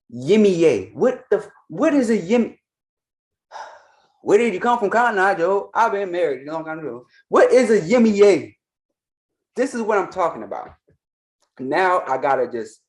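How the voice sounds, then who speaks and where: A man hosting a reaction commentary, ranting in a heated, mocking and profane way. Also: on the high side. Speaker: host, Orisha priest.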